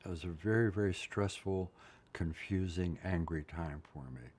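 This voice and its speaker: A man's voice: sits low, normal speed, a little mellow, slight background noise. An older man from Pennsylvania, telling his life story in an interview, blunt and emotional, often checking in with "right?". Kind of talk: candid personal storytelling.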